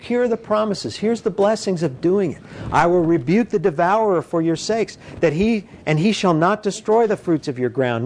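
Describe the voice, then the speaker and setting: Man, preacher, casual sermon, lively quoted voices, slightly high voice, faint background noise. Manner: animated, acts out quoted voices with big pitch jumps; conversational, frequent "you know".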